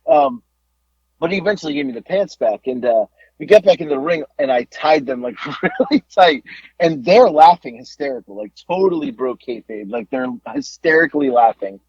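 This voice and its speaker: A man co-hosting a podcast, telling a wrestling story in a casual, animated way, laughing and swearing as he goes. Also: a little high, moderate pace, husky, dry recording, muffled recording.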